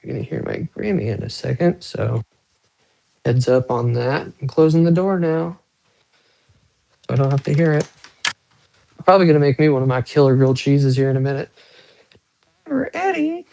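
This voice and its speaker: A young man rambles casually to his live-stream viewers as he shows off his guitars and watches. His everyday pitch carries a gravelly, creaky edge. He sounds close to a phone mic in a small room at home. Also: a little fast, long pauses, mellow. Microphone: phone held close.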